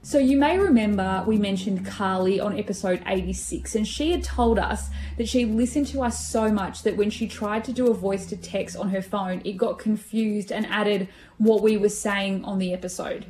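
A woman co-hosting a podcast, telling stories in an animated way and laughing often. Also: medium pitch, moderate pace, few pauses, slight background noise. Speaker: podcast co-host. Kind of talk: casual chat.

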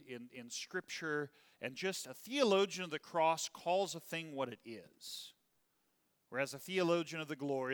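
A man's voice: on the high side, sharp tone. A male pastor giving a sermon, emphatic, drawing out key words, with chuckling asides, in a church. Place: church sanctuary. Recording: long reverb from a church hall.

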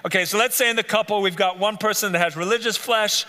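A man teaching a live Bible study in a church room. His voice sits a little high and comes across bright and forceful. A long hall reverb trails his earnest, list-by-list delivery. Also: fast talker. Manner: earnest, lists traits one by one with repeated phrases.

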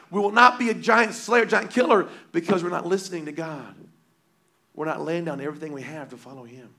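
A man preaching a sermon with passion, repeating phrases and swinging between loud and hushed delivery. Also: on the high side.

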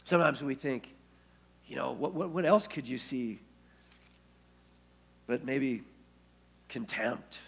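A man's voice: mid-range voice, lively intonation, slow, gravelly, long pauses, a bit bright, slightly rough. A man preaching a sermon as pastor, telling the story and acting out the quoted speech. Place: church.

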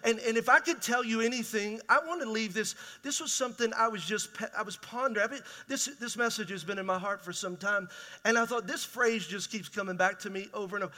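A man's voice: high voice, quick pace, bright, forceful tone. A man preaching a conversational, emphatic sermon as pastor in a large church hall.

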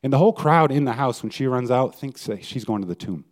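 A man's voice: mid-range voice, expressive, quick pace, a little mellow. A male pastor giving a conversational sermon and putting questions to his listeners. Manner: conversational preaching, asks the audience questions.

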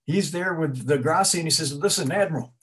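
A man's voice: on the high side, fairly quick, fairly bright tone, slightly rough. A middle-aged man giving an informal history talk to an audience, conversational and rambling, with frequent restarts and asides. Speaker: museum speaker giving a talk.

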